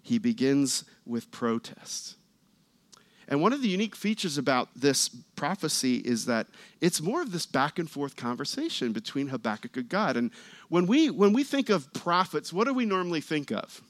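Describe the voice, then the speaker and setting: A man preaching a sermon in a church, talking conversationally and getting louder and more animated as he reads scripture. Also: on the high side, normal speed, no room sound. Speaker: pastor.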